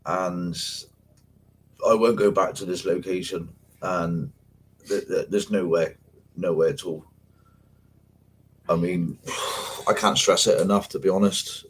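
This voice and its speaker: A man's voice: low-pitched, steady tone, slow, long pauses, a little hiss or hum, rough recording. Sweary man chatting on a livestream. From England. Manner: rambling, sweary storytelling with mates' slang. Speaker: paranormal investigator hosting a livestream. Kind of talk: casual live chat with viewers.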